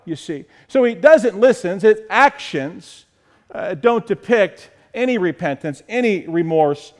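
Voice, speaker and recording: A man with a high voice delivers a sermon as pastor, repeating his key lines and pressing each point home. His voice carries a long reverb, as in a large hall. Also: expressive, moderate pace. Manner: preaching with repetition and rising emphasis.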